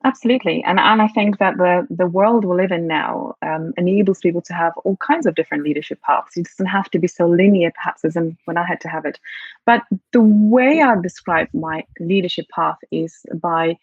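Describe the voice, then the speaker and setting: A Polish-born woman with a British accent, speaking in a lowish voice as a guest on a video call from home. She sounds warm and reflective and often restarts her phrases mid-thought. The audio is dull and very dry. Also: brisk, husky, dry recording. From Poland. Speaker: guest, CEO and leadership coach. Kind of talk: casual interview chat.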